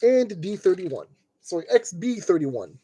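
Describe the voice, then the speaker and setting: A man's voice: sits high, sing-song, unhurried, dark tone, slightly rough. A man streaming live from his desk, casually talking himself through each step as he assembles a model kit. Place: at a desk indoors.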